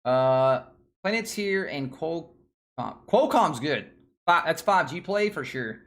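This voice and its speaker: A man's voice: on the high side, lively intonation, takes it slowly, fairly bright tone. A man from Nashville with a Southern twang, hosting a casual live stream and thinking aloud in a rambling, slangy way. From Nashville, Tennessee. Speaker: stock stream host.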